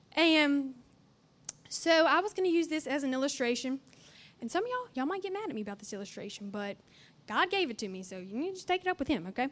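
Young woman, high bright voice, chatty and earnest youth speaker who jokes between her points. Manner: chatty and earnest, with playful asides and acted-out dialogue. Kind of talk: conversational youth sermon.

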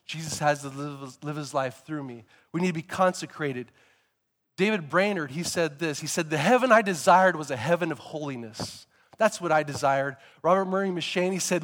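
A man preaching a sermon, telling stories in a lively way and sometimes rising to emphatic shouts. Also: a little high, moderate pace, big-room sound. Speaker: pastor.

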